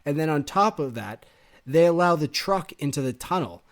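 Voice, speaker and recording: A man's voice: a little high, expressive, normal speed. A man co-hosting a book-club podcast, picking apart a story with sarcastic, ranting critique. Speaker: podcast co-host. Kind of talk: casual book-club discussion.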